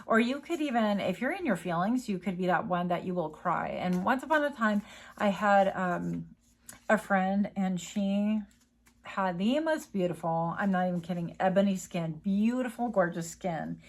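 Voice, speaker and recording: A woman's voice: mid-range voice, lively intonation, normal speed. A woman giving a casual tarot reading, chatty and rambling, with many fillers and tangents. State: coughing, a bit choked up. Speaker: tarot reader.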